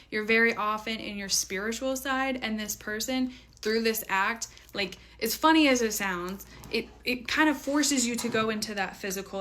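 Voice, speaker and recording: A woman's voice: fairly high pitch, a bit bright. Chatty woman giving a tarot reading. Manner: chatty, filler-heavy, playful. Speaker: tarot reader. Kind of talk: casual tarot reading to viewers.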